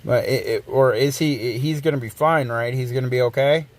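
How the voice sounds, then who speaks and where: A man's voice: medium pitch, moderate pace. A man hosting a casual livestream, rambling and swearing freely as he reads and answers chat messages aloud. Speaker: livestream host.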